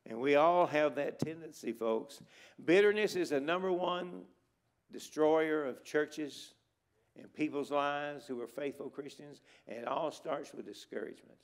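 A man's voice: fairly high pitch, unhurried. A middle-aged man preaching an emphatic revival sermon in a church. He exhorts the congregation and drives his points home by repeating words. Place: church sanctuary at a conference.

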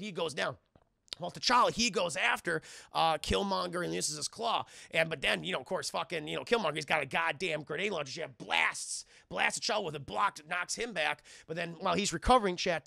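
A young man streaming a rambling, profane film recap to his chat, full of fillers and sudden loud voiced impressions. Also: gravelly, no echo, studio quality. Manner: jumps into loud high-pitched impressions of characters. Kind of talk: animated recap with voiced quotes.

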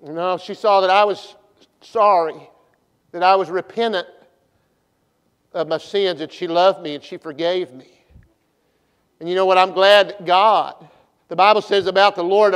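High-voiced preacher in reverb. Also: male voice, steady tone, moderate pace, pauses often, smooth. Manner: folksy storytelling, swings from hushed to booming. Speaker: pastor. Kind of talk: revival sermon. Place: church sanctuary. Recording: long church reverb.

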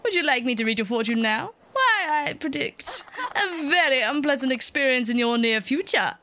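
A smug, scheming older fortune teller from a video game, played by a woman, high and haughty with a sing-song lilt. Her voice swoops widely as she threatens in a sweet tone. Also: expressive, moderate pace, pushed and bright, slight background noise.

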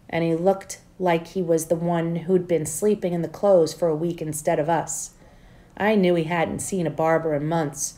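A woman teacher reads a novel aloud to her students. Her voice sits a little low and sounds mellow and soft. The narration stays plain, and she lifts the dialogue a little when characters speak. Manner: plain reading, voicing dialogue louder and higher.

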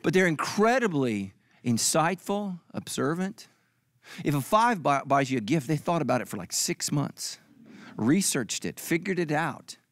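A man's voice: a little high, very animated, measured pace, dry recording. A middle-aged male pastor giving a comedic sermon, acting out other people's lines for laughs.

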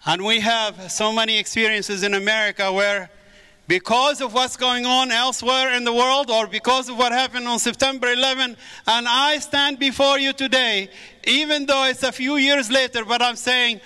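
A middle-aged Middle Eastern man, a native Arabic speaker, gives a fervent sermon-style testimony as a guest speaker in a large church, his words echoing through the hall before an audience. His very high voice is bright, clear, resonant and forceful, with little pitch movement, delivered at a moderate pace and punctuated by exclamations of praise.

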